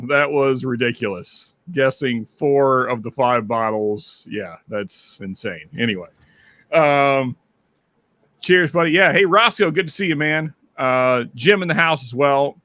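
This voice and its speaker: A man hosts a casual livestream, rattling off greetings to viewers by name in a bright, forward voice. His nose sounds a little stuffed up, and the close mic is dry with no room sound. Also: mid-range voice, no echo. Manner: chatty, reads out viewer names with quick greetings. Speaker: livestream host. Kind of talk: casual chat.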